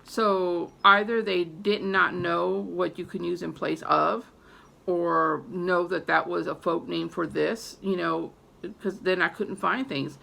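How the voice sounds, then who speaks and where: An herbalist who teaches about herbs and spell work chats loosely with her viewers about growing and using them, rambling with lots of fillers and restarts in a casual, unscripted video. Her voice sits on the low side, fairly even, slow, with vocal fry and a pushed, bright quality.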